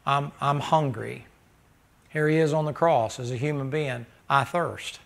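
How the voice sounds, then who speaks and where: Folksy preacher with gravelly voice. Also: male voice, a little high, moderate pace. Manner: folksy, joking, rising to loud laughing bursts. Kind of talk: sermon.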